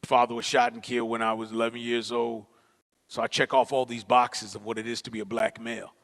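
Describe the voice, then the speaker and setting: A man from Newark, New Jersey, performing an animated, slangy comic storytelling monologue to an audience in a large auditorium. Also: mid-range voice, fairly quick. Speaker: spoken-word performer. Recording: auditorium with long reverb.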